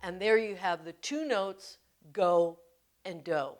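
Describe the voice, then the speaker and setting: A woman teaching hand drumming technique in an instructional video, explaining each step gently and patiently. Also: on the low side, lively intonation, slow pace, loud music behind the voice.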